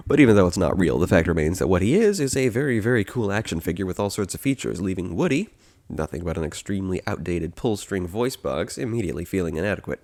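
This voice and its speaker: A man's voice: low voice, big pitch swings, quick pace, darkish tone. A man hosting a podcast, giving chatty, wry commentary and laughing at his own jokes. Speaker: podcast host. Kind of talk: casual commentary.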